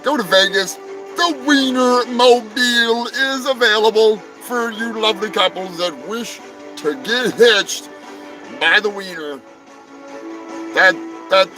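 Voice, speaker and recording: A man's voice: high-pitched, expressive, takes it slowly, over music, rough recording. A man hosting a rambling comedic livestream, crude and joking, often trailing off into mumbles. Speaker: livestream host. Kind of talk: rambling comedic live chat.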